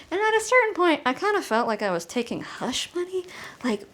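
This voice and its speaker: Lively young woman telling a comedy story. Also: moderate pace, slight background noise. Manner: animated, jumps to high shrieks in acted-out scenes. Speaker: stand-up comedian. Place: apartment.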